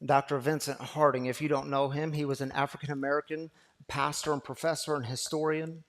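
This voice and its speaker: A man's voice: a little high, level tone, fairly quick. Fervent male pastor preaching a sermon. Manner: builds from quiet storytelling to loud, fervent preaching. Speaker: pastor and executive director of a recovery community. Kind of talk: sermon with personal story.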